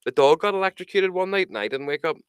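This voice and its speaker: A man's voice: high voice, animated, fast talker, clean tone, no echo, studio quality. A man, co-hosting a podcast in casual, sweary banter and acting out quotes. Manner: swears a lot, acts out quotes with mock voices. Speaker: podcast co-host.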